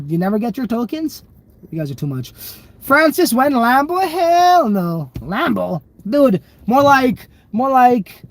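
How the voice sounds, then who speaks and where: A man's voice: very high voice, no echo. Profane, laughing man hosting a livestream. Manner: loose, rambling and profane, laughs often. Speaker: crypto livestream host. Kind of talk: casual livestream chat reading viewer comments.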